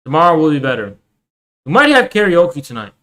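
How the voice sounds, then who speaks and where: Male streamer, bright voice, excitable and profane, chatting to viewers. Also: a little high, a little fast. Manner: profane, excitable, talks to chat. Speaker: livestreamer. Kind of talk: casual livestream chat.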